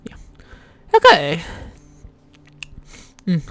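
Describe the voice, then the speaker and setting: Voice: mid-range voice, wildly swooping pitch, drawn-out words, a bit bright, no echo. A rambling YouTuber chats through a let's play, trailing off and restarting, cracking self-deprecating jokes and swearing casually. The voice sits in a middle range on a dry, close desk mic. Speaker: YouTuber playing a game.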